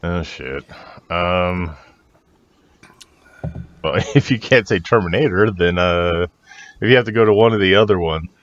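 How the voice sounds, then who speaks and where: A man's voice: low-pitched, unhurried, long pauses, dull audio. A man co-hosting a podcast in casual chat, laid-back and joking with plenty of swearing. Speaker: podcast co-host.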